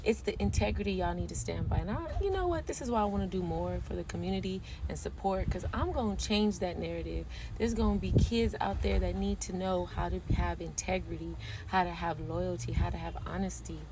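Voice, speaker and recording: An American woman talks straight to her followers, pouring out a personal story with emphatic repeats. Her voice sits on the low side for a woman. Steady noise runs behind her throughout. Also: fairly quick, few pauses. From United States. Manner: emphatic and emotional, repeats herself for stress. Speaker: vlogger. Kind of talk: casual personal storytelling to camera. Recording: noisy background.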